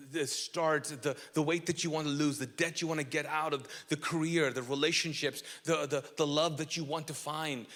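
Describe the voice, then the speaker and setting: A man's voice: on the high side, a bit bright, long reverb tail. A man preaching a sermon as pastor, emphatic and repetitive, asking the audience questions.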